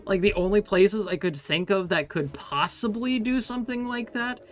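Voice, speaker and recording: A man's voice: high voice, normal speed. An American man streaming a game and rambling casually, often laughing and swearing. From United States.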